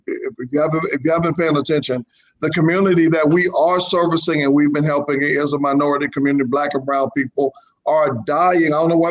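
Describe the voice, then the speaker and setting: A man's voice: a little high, muffled recording. Earnest bishop, a man pleading a cause. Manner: earnest, impassioned, repeats key points. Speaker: bishop and ministry leader. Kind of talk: casual panel talk with a donation appeal.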